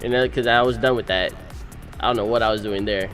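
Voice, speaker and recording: A young man, recently married, narrating his wedding photos in animated, slangy, casual storytelling. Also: lowish voice, faint music behind. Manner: animated, slangy storytelling with quick voice-acted quotes. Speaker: groom.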